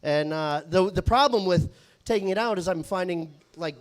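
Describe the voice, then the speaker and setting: A man's voice: high voice, normal speed. A man doing a live stand-up set, telling rambling, self-mocking stories full of swearing. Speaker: stand-up comedian. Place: live comedy stage.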